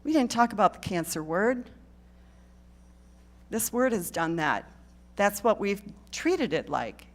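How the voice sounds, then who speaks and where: A woman's voice: mid-range voice, very animated, slow pace, pauses often. A woman giving a live talk to a church congregation, earnest and direct, often checking in with the listeners. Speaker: guest speaker at a church.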